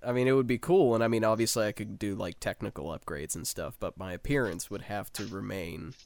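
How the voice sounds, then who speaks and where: Low-pitched man for a casual panel chat, laid-back and loose with fillers, close and dry mic. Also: a little fast, a little mellow, dry recording.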